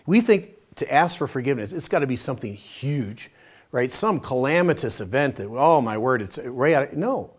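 A man's voice: medium pitch, animated, moderate pace, slightly rough. Conversational male Bible study teacher. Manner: conversational, acts out short dialogues in a softer voice; demonstrative, uses a pen as a prop. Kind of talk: teaching session on forgiveness.

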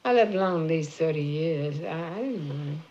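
Older lady, proud ex-singer, lively swooping voice, muffled old 70s documentary audio. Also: deep voice, moderate pace. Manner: proud, insistent, wandering. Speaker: mother, former singer. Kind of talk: candid documentary conversation. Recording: dull lo-fi 1970s film sound.

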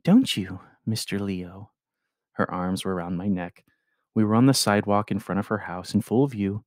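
A man reading a novel aloud in the first person, with expressive narration. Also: lowish voice, fairly quick, dry recording, studio quality. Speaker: audiobook reader. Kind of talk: audiobook narration.

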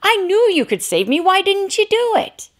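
A woman's voice: high voice, expressive, moderate pace, fairly bright tone, voice pushed up. A woman preacher acting out a stubborn man stranded in a flood, speaking in a raised, emphatic way. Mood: indignant.

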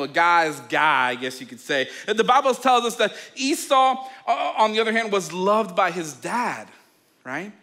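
Bright, high-voiced male pastor preaching. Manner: animated storytelling, acting out scenes; addresses listeners directly. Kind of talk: sermon.

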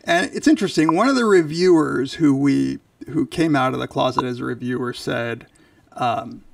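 A male podcast co-host in casual chat, halting with many fillers and restarts, and losing his voice. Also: medium pitch, vocal fry, no room sound, recorded from a distance. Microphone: video call.

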